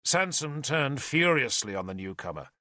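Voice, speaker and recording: In a mid-range voice and at a moderate pace, a male narrator reads an audiobook with expressive storytelling. There's no echo, and the studio sound is clean.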